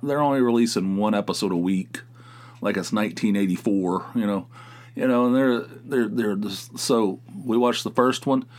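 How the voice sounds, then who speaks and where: A middle-aged man hosting his podcast from his home office, chatting casually in a rambling, self-mocking way and swearing freely. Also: lowish voice. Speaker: podcast host. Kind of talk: casual solo chat.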